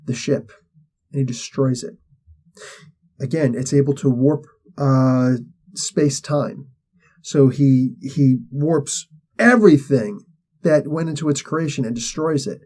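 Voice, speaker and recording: A man's voice: mid-range voice, unhurried, warm tone. A man hosting a show, casually retelling a comic story in a slangy, rambling way, acting out the characters' lines. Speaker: host.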